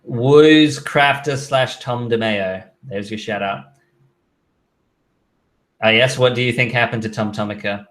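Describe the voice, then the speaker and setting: On a relaxed live stream, a man with a medium-pitched, slightly bright voice talks a little slowly, leaving long pauses. He reads viewers' questions out loud and replies in a chatty, offhand manner with fillers.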